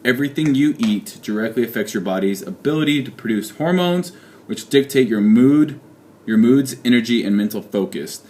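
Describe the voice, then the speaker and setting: A man's voice: mid-range voice, lively intonation, moderate pace, darkish tone. A young man talking casually in a video diary, joking and poking fun at himself as he rambles. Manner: joking, rambling, self-mocking. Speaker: fitness vlogger. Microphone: handheld camera.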